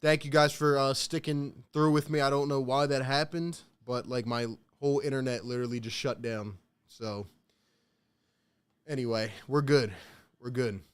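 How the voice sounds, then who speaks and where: Young male streamer, resonant clear voice, mid pitch, slangy live play-by-play host. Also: fairly even intonation, normal speed. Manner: slangy, talks straight to the chat. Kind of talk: casual live play-by-play and reaction.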